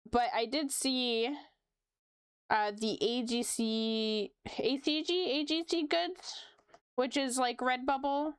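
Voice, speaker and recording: Chatty young woman streamer, slightly high voice. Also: smooth. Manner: chatty, laughs often, swears casually, reads chat aloud. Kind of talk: casual chat while drawing on stream.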